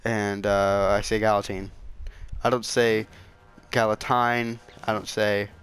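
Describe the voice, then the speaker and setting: A man with a lowish voice and little pitch movement rambles on his small gaming channel, speaking a little slowly in a clean tone. He's casual but defensive, often repeating himself and stuttering. The audio comes through a console game capture.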